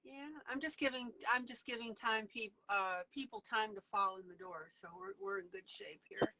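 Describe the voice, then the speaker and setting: A woman's voice: on the high side, expressive, normal speed, vocal fry, pushed and bright, low-quality recording. A woman hosting a live online stream, chatty and greeting her viewers by name on a video call. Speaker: host of a live coloring stream. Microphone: webcam or computer mic on a video call.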